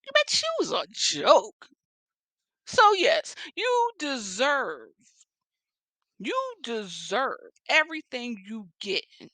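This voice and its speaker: A woman with a Philadelphia accent rants on her vlog, mocking and confrontational. Her voice is fairly high and bright, and the mic is close with no room sound. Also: huge pitch swings, slow, dry recording. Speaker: vlogger. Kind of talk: profane rant vlog.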